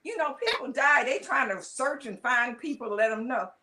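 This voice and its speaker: An older woman chatting casually, telling stories in an animated, emphatic way. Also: high voice, moderate pace, noisy background. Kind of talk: casual chat.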